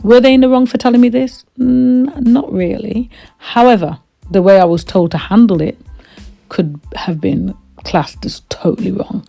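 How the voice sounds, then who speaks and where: A woman's voice: a little high, moderate pace, gravelly, warm tone, muffled recording, faint music behind. A woman from Trinidad, hosting a podcast and telling her own story in a candid, emphatic way. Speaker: podcast host and reverend.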